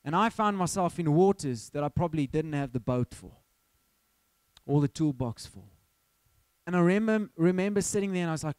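A man preaching a sermon, telling a story in lively fashion and acting out his own lines of dialogue. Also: fairly high pitch, normal speed, smooth, no room sound.

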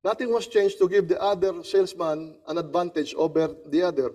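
A man's voice: high-pitched, steady tone, brisk, a little mellow. A man preaching a sermon, telling a story and repeating key phrases for emphasis. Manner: storytelling, acts out the characters' voices.

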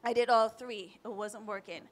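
Woman from Jamaica in her thirties, higher voice, candid and emotional, for a personal panel story. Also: steady tone, moderate pace. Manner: candid, emotional, close to tears at times.

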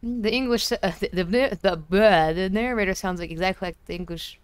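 A woman's voice: medium pitch, fairly quick, clear, resonant tone, dry recording. A woman chatting casually and joking as she streams a game from home. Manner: chatty, joking to herself and chat. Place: home room.

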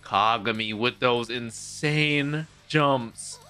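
A man in a mid-range voice reacting to an anime episode in casual commentary. He bursts into loud excitement and drops to soft, musing remarks, with the odd casual curse. Faint music plays behind him. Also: mid-range voice, moderate pace. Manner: excitable, jumps between loud hype and quiet musing; swears casually. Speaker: anime reaction channel host.

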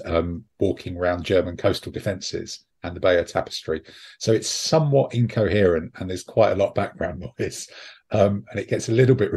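A man's voice: low voice, darkish tone, slightly rough. A man hosting a podcast, chatting casually and rambling with frequent ums and restarts. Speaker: podcast host. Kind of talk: casual chat.

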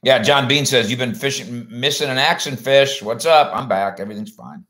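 A man's voice: medium pitch, moderate pace, a bit bright. A man hosting a sports livestream in a rambling, folksy way, chatting casually and reading out viewer comments.

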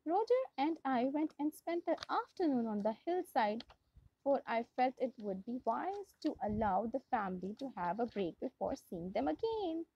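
A woman's voice: sits high, sing-song, moderate pace, vocal fry, slightly rough. A young woman with a Pakistani English accent, reading a storybook aloud to a class as their English teacher, often going back to restart a phrase. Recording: dull lo-fi dry recording.

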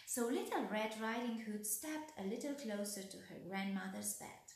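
A woman reading a bedtime story aloud as storyteller, gently. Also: mid-range voice, expressive, normal speed, creaky. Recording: very echoey room.

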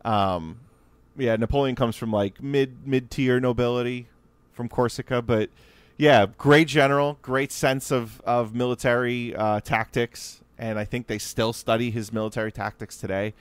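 A man's voice: medium pitch, steady tone, moderate pace, clear, resonant tone, no room sound. A man hosting a podcast, chatting casually about history with frequent laughs and restarts. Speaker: podcast host.

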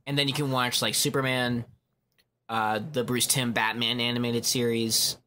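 A man co-hosting a podcast in casual chat, animated and quick to slip into silly voices. His voice sits at a middling pitch, with some faint noise in the background. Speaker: podcast co-host.

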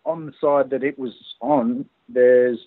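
Australian man, phone-in guest, halting storyteller full of fillers, thin phone-line sound, dry. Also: medium pitch, fairly even intonation, no echo. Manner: hesitant, many fillers and restarts. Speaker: guest recounting an encounter. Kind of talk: casual phone interview storytelling. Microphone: phone call.

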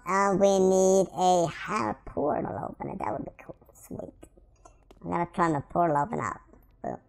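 A woman giving excitable let's-play commentary, playfully taunting the game characters as she plays. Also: fairly low pitch, creaky, slight background noise. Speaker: gameplay commentator.

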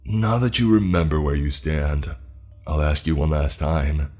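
A cold, deliberate skeleton spirit, put on by a man reading a horror story, with a remarkably deep voice. He taunts slowly, sure of his power. Faint music plays behind him. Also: darkish tone. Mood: taunting. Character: ancient menacing male skeleton spirit. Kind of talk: scripted horror story narration.

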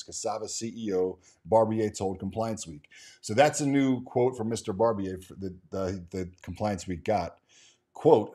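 A man's voice: lowish voice, normal speed, dark tone. A man hosting a stock market show, reading news items and quotes aloud and breaking off with casual asides, restarts and fillers. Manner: reads quotes aloud then adds offhand remarks, many restarts and fillers. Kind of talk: casual commentary reading from articles and market screens.

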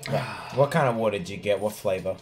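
A man playing a video game with a friend, swearing, teasing him and yelling at the screen in casual commentary. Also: on the low side, fast talker, loud music behind the voice. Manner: teasing his co-player. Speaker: let's play gamer.

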